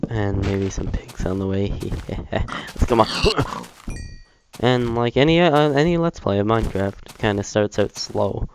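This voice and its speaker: A young man giving casual, chatty gameplay commentary as a Let's Play gamer, self-mocking and prone to excited outbursts. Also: lowish voice, measured pace, a little hiss or hum.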